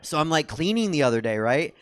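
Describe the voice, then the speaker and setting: A man's voice: on the high side, very animated, a little fast. A young man doing a stand-up comedy set on a theater stage, rambling and self-deprecating with lots of ums and restarts.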